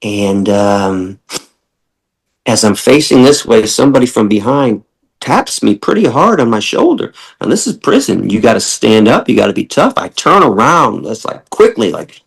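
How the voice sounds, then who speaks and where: A middle-aged man telling a long story as a podcast guest, animated, often repeating words and acting out the people he quotes. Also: medium pitch, normal speed, rough recording.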